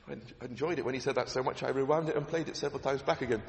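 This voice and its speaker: A man's voice: medium pitch, fast talker, gravelly, a little hiss or hum. A man preaching a sermon, emphatic, repeating his key phrases and asking rhetorical questions. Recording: echoey hall with long reverb.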